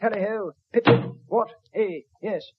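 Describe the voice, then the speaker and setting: A man's voice: sits high, a little slow, very noisy. A man playing a pompous, fussy detective chief in a 1940s radio comedy sketch, with mock-British bluster. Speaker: comedian and show host. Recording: dull 1940s radio broadcast recording.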